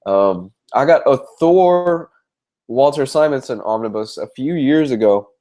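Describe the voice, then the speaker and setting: A man's voice: mid-range voice, lively intonation, unhurried, mellow. A young man with a congested voice, answering viewer questions in a casual live-stream chat about comic books, talking in a rambling way with frequent restarts. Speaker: comic book reviewer.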